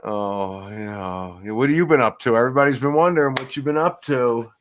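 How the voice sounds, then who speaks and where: A man's voice: medium pitch, fairly quick. A sleepy, laid-back man in casual online chat, laughing often. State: sleepy, yawning. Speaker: online show host.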